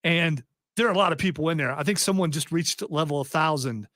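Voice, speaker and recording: In a clean, dry radio studio recording, a man hosts a talk show with a voice that's a little high, a little fast, and fairly bright. His casual group chatter rambles, full of fillers and restarts.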